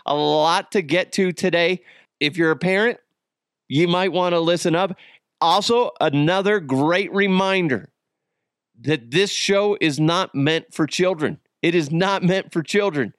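A man hosting a podcast, telling a family story in a casual, animated way and swearing freely. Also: a little high, measured pace, clean tone, no room sound, studio quality. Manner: animated, swears freely, acts out quoted voices. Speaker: podcast host.

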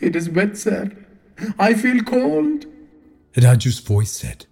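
Husky male horror narrator. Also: mid-range voice. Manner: dramatic, expressive.

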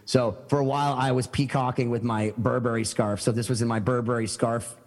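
A man's voice: mid-range voice, steady tone, brisk, in a large hall. A man telling stories as a podcast guest, eager and rambling, with many fillers and restarts. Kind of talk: casual storytelling chat.

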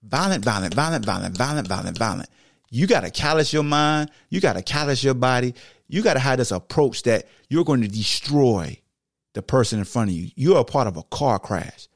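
A man hosting a sports podcast, talking with emphatic repetition that swings between low, heavy stretches and high, excited bursts. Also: normal speed, no room sound, clean studio sound. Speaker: podcast host and former football player. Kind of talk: impassioned monologue.

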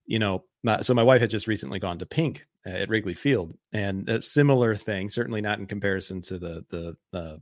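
A man's voice: lowish voice, fairly quick, hardly any pauses, no echo, clean studio sound. A man co-hosting a podcast in casual chat, hesitant with many fillers. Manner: hesitant, many uh and you know. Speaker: podcast co-host.

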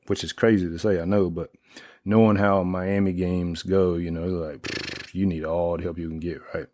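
With a deep voice and a moderate pace, a middle-aged man chats casually about sports, getting worked up while recounting plays. He rambles, using plenty of fillers and starting over often, and the recording is dry.

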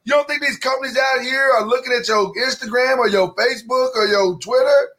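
A man's voice: very high-pitched, fairly quick. A man co-hosting a casual podcast chat, emphatic and preachy, with speech. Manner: animated, emphatic, preachy rants. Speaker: podcast co-host.

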